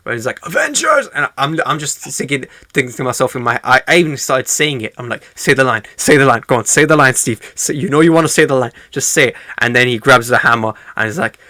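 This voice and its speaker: A man chatting on a podcast with a bright, forward voice and a lot of excitement. He acts out crowd reactions and hums tunes as he goes. The sound is dry and close, with no room around it. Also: medium pitch, fast, hardly any pauses, dry recording. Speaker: podcast co-host. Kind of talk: casual chat.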